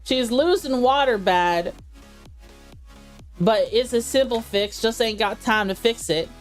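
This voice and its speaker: A woman doing a folksy rural pickup seller who drawls along slowly in a raised, homespun voice. Faint music plays underneath. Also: a little high, pitched above the performer's own voice, lightly acted.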